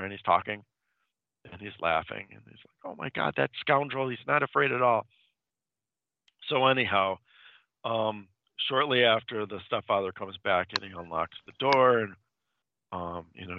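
Low gravelly guy rambling thru a story, lots of ums, dry dull recording. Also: sharp tone, no echo. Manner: rambling, many fillers and restarts. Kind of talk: casual chat retelling a comic story.

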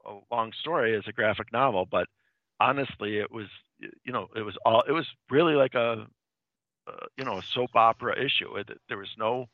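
A man with a lowish voice talks through a comic book storyline in a casual, rambling recap, linking one event to the next. The sound is thin and tinny like a phone line, with no room echo at all. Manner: rambling, loosely strung retelling. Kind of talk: casual spoken plot recap.

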